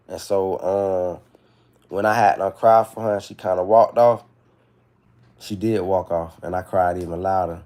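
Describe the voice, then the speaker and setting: Gravelly-voiced man talking frankly on a livestream. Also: fairly low pitch, warm tone. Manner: rambling, frank, profane, confessional. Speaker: livestream host. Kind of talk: candid livestream talk.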